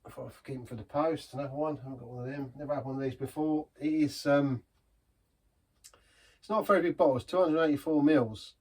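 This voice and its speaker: A man's voice: a little high, fast, breathy edge. A man giving a casual, rambling beer review in a pub, chatty and self-deprecating.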